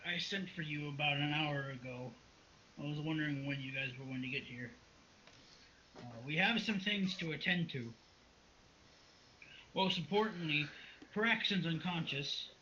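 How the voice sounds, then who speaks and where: A man voicing a weak, drowsy old baron who speaks faintly and haltingly, in a tabletop role-play. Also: fairly high pitch, bright, forceful tone, a little hiss or hum. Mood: weary. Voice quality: weak, faltering. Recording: dull lo-fi recording.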